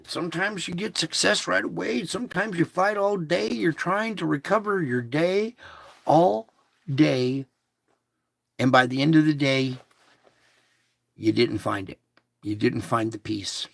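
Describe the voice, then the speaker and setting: A man's voice: on the high side, a little slow, vocal fry, pauses often, dry recording. A man giving casual devotional teaching, reading passages aloud and then talking them through in a conversational way that keeps checking in with his listeners.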